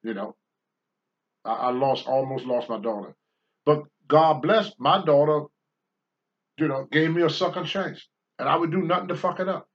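An older man on a talk show, blunt and preachy, swinging from low mutters to loud outbursts. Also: lo-fi sound. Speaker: podcast host, former wrestler. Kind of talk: candid talk-show commentary.

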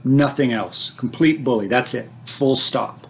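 Guy with a gravelly voice telling a story about when he was a kid, lots of restarts, gets super dramatic like it's a movie. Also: medium pitch, a little slow, a little hiss or hum. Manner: vivid, cinematic retelling with frequent restarts, building to excitement. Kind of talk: personal storytelling.

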